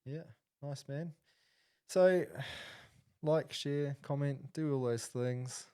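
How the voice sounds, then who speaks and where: A man's voice: a little high, drawn-out words, warm tone, clear, resonant tone. A man, co-hosting a casual podcast and telling a story with lots of fillers and restarts. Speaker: podcast co-host.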